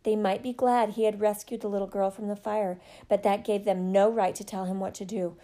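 A woman narrator reading a novel aloud in a steady, measured storytelling manner. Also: mid-range voice.

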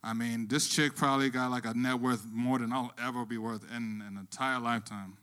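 A man telling a true story casually on stage, profane and animated, acting out the voices of the people involved. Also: medium pitch, fairly quick, clean tone.

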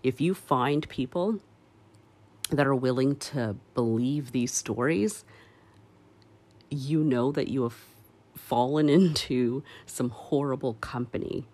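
A man giving earnest opinion commentary, speaking slowly with many pauses and fillers, and stressing key words firmly. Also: medium pitch, darkish tone. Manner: firm and emphatic on key words.

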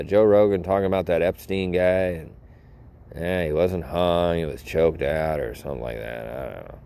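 Low-voiced laid-back guy rambling. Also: a little mellow. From Florida, United States. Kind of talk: casual rambling monologue.

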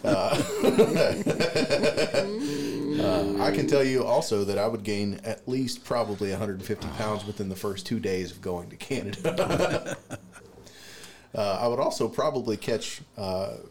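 A man hosting a casual studio podcast, chatty, stammering and quick to laugh. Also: fairly low pitch, a little mellow, a little hiss or hum. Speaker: podcast host.

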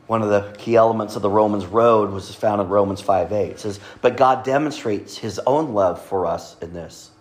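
A man's voice: fairly low pitch, moderate pace, hardly any pauses. Earnest man preaching a conversational sermon. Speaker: pastor.

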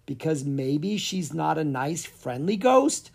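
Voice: mid-range voice, big pitch swings, slow, vocal fry, darkish tone, breathy edge, exaggerated voice. A storybook reader voicing a brave, eager young boy prince who speaks with determination.

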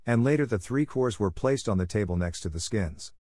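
A man narrating a classic storybook in a steady, measured reading voice. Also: lowish voice, no room sound, studio quality. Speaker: audiobook narrator.

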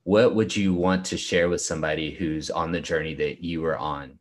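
A man's voice: low voice, fairly even intonation, moderate pace, a little hiss or hum. A male interviewer who asks questions in an affirming, encouraging way.

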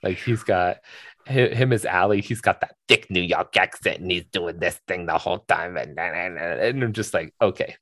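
A man's voice: deep voice, moderate pace, a bit bright, dry recording. A man co-hosting a movie podcast in casual chat, rambling with lots of fillers and restarts. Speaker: podcast co-host.

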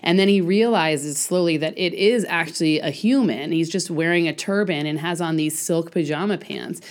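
A woman's voice: lowish voice, moderate pace. A woman in a casual book discussion, thinking aloud with fillers.

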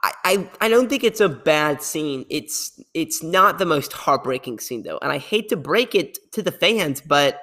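A man's voice: on the high side, moderate pace, hardly any pauses. Chatty young man hosting a podcast. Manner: rambling, animated, laughs often. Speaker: podcast host. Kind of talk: casual podcast chat.

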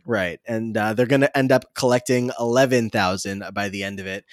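A man's voice: fairly low pitch, steady tone, brisk, dry recording, clean studio sound. A man co-hosting a podcast, recapping a game show episode in a casual, rambling way with many filler words. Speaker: podcast co-host.

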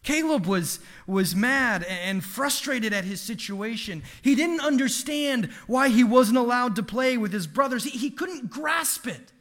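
A man, a father in his thirties, giving an earnest devotional talk, telling a family story with animated asides and quick restarts. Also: extremely high pitch. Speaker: preacher.

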